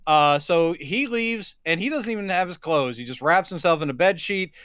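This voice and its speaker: Higher-voiced chatty man recapping a movie. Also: expressive, normal speed, a bit bright, smooth, no echo, studio quality. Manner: chatty, acts out lines from the film. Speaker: podcast co-host. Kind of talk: casual movie-recap chat.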